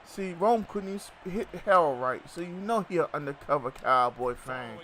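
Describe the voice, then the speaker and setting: Middle-aged dude streaming a football game, high voice, joking around with chat. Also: male voice, lively intonation, moderate pace, pushed and bright, slight background noise. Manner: loose, joking, chatty with viewers. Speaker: gaming streamer. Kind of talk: casual live-stream chat while playing.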